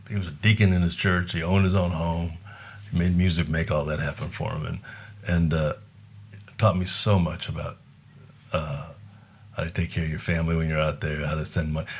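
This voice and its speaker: Low-voiced older man telling stories. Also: steady tone, normal speed, creaky, husky. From Buffalo, New York, USA. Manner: rambling anecdotes, acting out quoted voices with laughs. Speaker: guest musician. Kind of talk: casual storytelling.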